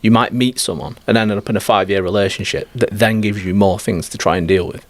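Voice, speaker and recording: A man's voice: on the low side, fairly even intonation, brisk, no room sound. A man talking as a life coach guest on a podcast, blunt, direct and emphatic. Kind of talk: podcast conversation.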